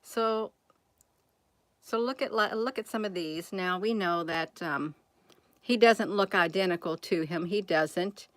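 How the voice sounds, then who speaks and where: Woman vlogger, mid pitch, rambling rhetorical questions, dry close sound. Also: unhurried, a bit bright, no echo. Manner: rambling, asks viewers many rhetorical questions; addresses viewers as "you all". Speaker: channel host. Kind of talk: casual musing vlog.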